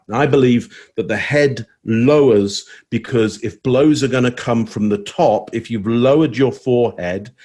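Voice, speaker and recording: A man analyzing body language on a casual online panel, talking in a relaxed way with fillers as he thinks aloud. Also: fairly low pitch.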